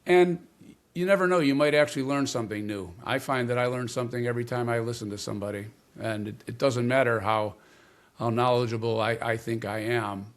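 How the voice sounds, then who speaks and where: A man as an interview guest, explaining communication ideas in a measured way and stressing key words. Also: mid-range voice. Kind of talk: interview conversation.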